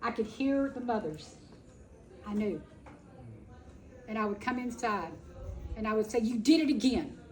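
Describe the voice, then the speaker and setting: A woman speaking at a festival, telling a personal story in a folksy, emphatic and animated way. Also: on the high side, a little slow, long pauses, poor audio. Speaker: animal sanctuary founder giving a talk. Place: festival stage.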